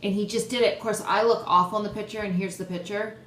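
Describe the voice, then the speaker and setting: Excitable chatty woman in an echoey room. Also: medium pitch, fast. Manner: excitable, chatty, self-deprecating. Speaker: host. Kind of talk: casual vlog chat. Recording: roomy echo, faint background noise.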